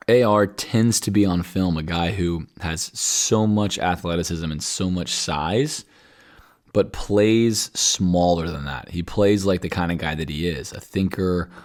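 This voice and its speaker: A man hosting a podcast, talking viewers through football game film in a conversational, analytical way. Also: sits low. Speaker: podcast host.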